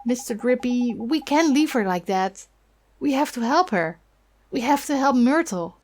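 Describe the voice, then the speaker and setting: A woman's voice: on the high side, lively intonation, a little slow, darkish tone. Young boy hero, earnest, determined, read by a woman. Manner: earnest, heartfelt. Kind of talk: reading game dialogue aloud.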